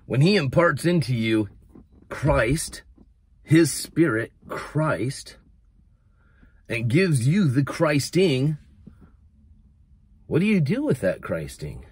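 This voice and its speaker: A man from the United States preaching a casual video sermon, animated and building to near-shouts on his emphatic points, mocking the voices he quotes. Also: mid-range voice, takes it slowly, pauses often, breathy edge.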